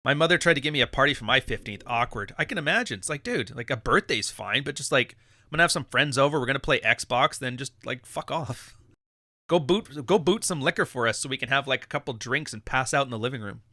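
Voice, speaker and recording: A man's voice: mid-range voice, animated, fast talker, pushed and bright, no echo, studio quality. A man hosting a live podcast, ranting bluntly with lots of swearing and laughter. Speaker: podcast host.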